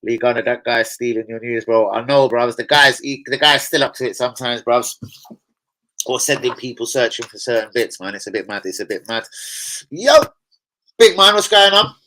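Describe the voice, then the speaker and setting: A man's voice: mid-range voice, moderate pace, pushed and bright, low-quality recording. Young man, streamer host, loose, sweary, chatty, laughs a lot. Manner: swearing, chatty, laughs often, answers chat. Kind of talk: casual live stream chat.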